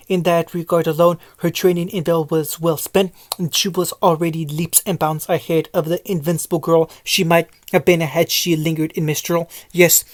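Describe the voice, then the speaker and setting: A woman's voice: deep voice, darkish tone, no room sound. A woman reading a fan fiction story aloud, often stumbling over words and correcting herself. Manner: frequent stumbles and self-corrections while reading. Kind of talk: storybook narration read aloud.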